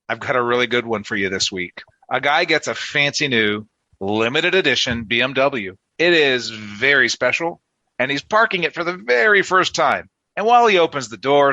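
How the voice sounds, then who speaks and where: A man's voice: mid-range voice, bright, forceful tone, no room sound, highs cut off. A man co-hosting a podcast, a chatty interviewer who jokes around. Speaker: podcast co-host.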